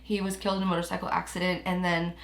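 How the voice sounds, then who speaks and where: A woman's voice: fairly low pitch, completely flat delivery, racing, vocal fry, reverberant. A young woman vlogging about her feelings, close to tears, rambling with lots of fillers. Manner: rambling, heavy use of "like", emotional. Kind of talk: emotional personal vlog talk.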